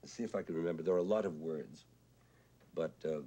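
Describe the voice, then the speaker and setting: A man with a husky voice, talking thoughtfully on television about songwriting, pausing with "uh" as he explains. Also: deep voice, warm tone. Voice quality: husky "whiskey voice". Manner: thoughtful, pauses with "uh", explains with sung examples. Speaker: composer recalling a friend. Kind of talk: reflective televised talk.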